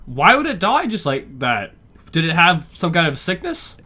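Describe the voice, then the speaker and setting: A man's voice: fairly high pitch, wildly swooping pitch, normal speed, sharp tone. A man hosting a reaction video, chatting casually, asking questions and laughing along.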